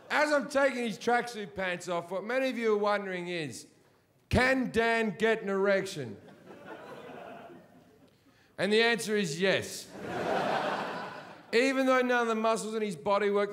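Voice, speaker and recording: A high-voiced Australian man performs live stand-up and tells a crude story in a brash, deadpan way. Faint noise sits under his voice. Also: moderate pace, pauses often. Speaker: stand-up comedian.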